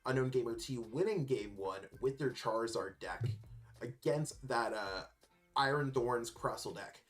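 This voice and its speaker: A man in a middle-pitched voice co-casts a card game stream late at night, chatting in a loose, drowsy way with plenty of pauses and ums. Faint music sits underneath. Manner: relaxed, sleepy, chatty with hesitations. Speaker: esports co-caster. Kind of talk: casual game commentary.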